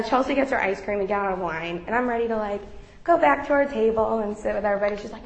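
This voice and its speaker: A woman's voice: mid-range voice, quick pace. A young woman sharing a personal faith testimony with a group, talking casually with many fillers. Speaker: member giving a testimony. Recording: roomy echo.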